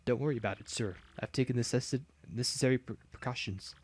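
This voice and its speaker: Brief: prim woman manager, hushed and clipped, as a man reads her. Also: medium pitch, fast talker, natural voice. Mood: formal. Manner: quiet, stiff and businesslike. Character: prim, formal female arena manager. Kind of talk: reading game dialogue aloud.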